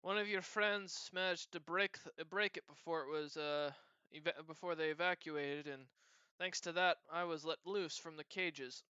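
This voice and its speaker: A man's voice: a little high, fairly even intonation, moderate pace, pushed and bright, smooth, dry recording, muffled recording. A man voicing a cheerful, catlike female bodyguard and former clan nursemaid who talks eagerly. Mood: chatty.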